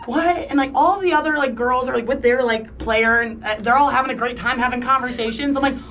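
Woman in her 30s telling a story on a podcast, high voice, does all the voices, sounds a bit far off w faint noise. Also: fairly quick. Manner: animated, acts out quoted voices, lots of "like". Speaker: podcast co-host. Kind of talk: casual storytelling chat.

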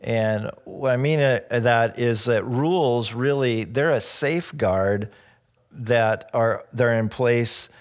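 A middle-aged man preaching a sermon as a pastor, telling light stories with soft laughs. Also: mid-range voice, slow pace. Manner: relaxed storytelling with jokes and soft laughs. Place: church.

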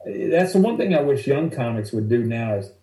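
A male stand-up comedian telling rambling, animated stories from the road in a casual interview. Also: mid-range voice, moderate pace, echoey room, rough recording. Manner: animated, rambling anecdotes that act out other people's lines.

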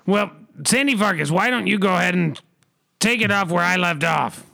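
A man's voice: sits high, normal speed, gravelly, pushed and bright. A man hosting a comedy podcast, leading the bit in a mock-serious way. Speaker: podcast host. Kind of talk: comedic banter.

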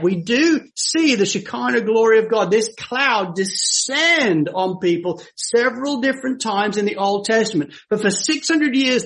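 A man preaching a sermon, moving from hushed storytelling to emphatic, raised scripture quotations. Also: high voice. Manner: dramatic, swings from hushed to emphatic when quoting scripture.

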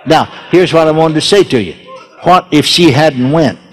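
A man's voice: fairly high pitch, normal speed, husky. An older man preaching a sermon, telling a story in a folksy way with chuckles and repeated words. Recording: echoey hall reverb.

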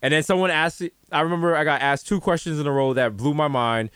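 A young man co-hosting a podcast in loose, swearing banter, his voice sitting a bit high for a man. He spins long stories and acts out the other people in them. The sound is close and dry, with no room around it. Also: fast talker, fairly bright tone, clear, resonant tone, dry recording. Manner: loose, profane, storytelling with acted quotes. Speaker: podcast co-host.

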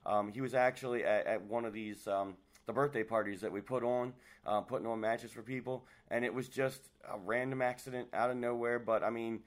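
A man's voice: medium pitch, steady tone, fairly quick, hardly any pauses. A man hosting a casual podcast chat, rambling along with many fillers. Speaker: host.

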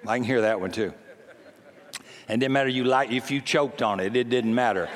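Folksy seventy-year-old preacher in a big hall. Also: male voice, medium pitch, normal speed, long pauses. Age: 70s. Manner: folksy, emphatic, acts out quoted voices. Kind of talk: sermon. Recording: long hall reverb.

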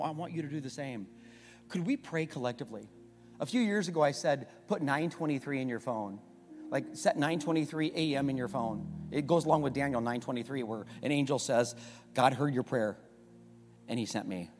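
A male pastor preaching a sermon, swinging from hushed asides to loud, repeated calls. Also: mid-range voice. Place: church sanctuary. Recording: long reverb of a church hall.

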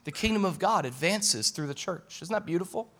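A man preaching a sermon as pastor, animated and casual, repeating phrases for emphasis. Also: high-pitched, a little fast.

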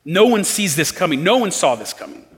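A man preaching a sermon as pastor, earnest, rising to emphatic pleas and dropping low and quiet. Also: big pitch swings, a little fast, big-room sound.

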